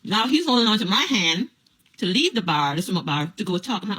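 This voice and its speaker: A woman casually telling a personal story to camera, playful and animated, acting out what people said. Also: mid-range voice, fairly quick, slight background noise. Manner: animated, playful, acts out quoted voices.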